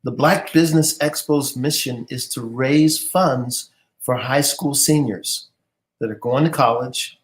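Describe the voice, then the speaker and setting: A man's voice: mid-range voice, measured pace. A man hosting a live interview show, jovial and teasing with his guest. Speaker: host.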